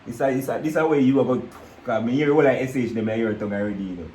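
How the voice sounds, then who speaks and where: A man on a vlog, teasing his partner and reading tongue twisters slowly and deliberately. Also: mid-range voice, a little mellow, slight background noise. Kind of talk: playful tongue-twister challenge. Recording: echoey room.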